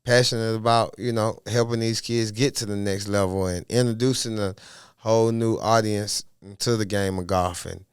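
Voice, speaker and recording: A man talking as a podcast guest in a casual interview, animated and full of streetwise slang. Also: fairly low pitch, moderate pace, clear, resonant tone, dry recording, clean studio sound. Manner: animated, streetwise slang, asks "you know what I mean". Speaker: podcast guest, golf caddie.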